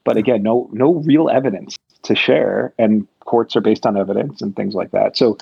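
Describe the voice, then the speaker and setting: An American man talks through politics in a low, gravelly voice, with a husky edge. He rambles, restarting his thoughts with many fillers. The sound is dull and lo-fi. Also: normal speed, mellow, no echo. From United States. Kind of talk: casual political chat.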